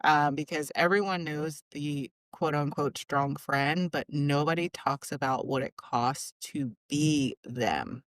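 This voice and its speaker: A woman's voice: low voice, slow, hardly any pauses, no room sound. A woman hosting a podcast, chatting casually and laughing often. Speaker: podcast host.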